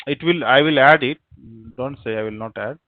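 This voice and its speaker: A man's voice: mid-range voice, normal speed, no room sound. Man teaching code over a tinny line. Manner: repetitive, spells words out letter by letter, keeps urging the class to respond. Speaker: programming instructor. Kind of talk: live online coding class. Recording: dry, tinny phone-like line.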